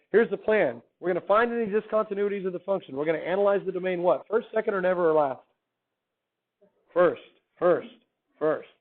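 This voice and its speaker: A man teaching a math class, lecturing in an upbeat way and quizzing his students as he goes. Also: high-pitched. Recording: phone-like lo-fi classroom recording.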